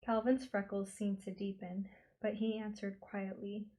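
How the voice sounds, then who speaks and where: A woman reading a novel aloud as an audiobook narrator, slow and expressive. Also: mid-range voice, rough recording. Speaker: audiobook reader. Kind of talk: scripted storybook narration.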